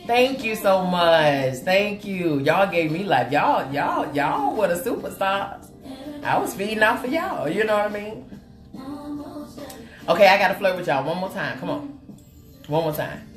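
A woman's voice: on the low side, very animated, a little slow. A woman from Oklahoma hosting a makeup livestream, chatting in a sassy, playful way and calling out to viewers by name. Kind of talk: casual livestream chat with viewers. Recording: roomy sound with faint music.

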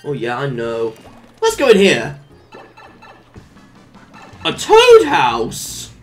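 Unhurried, lively gameplay commentator. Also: mid-range voice, soft background music. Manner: hums little made-up tunes while playing; coos at the game characters like pets. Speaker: let's play commentator.

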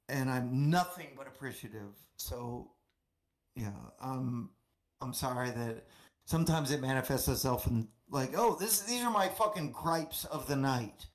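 A man in a loose, unscripted stream chat, cursing freely and wandering from point to point. He talks at an ordinary middle pitch, circling back on himself and running himself down as he goes. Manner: profane, rambling, self-deprecating. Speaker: departing radio show guest.

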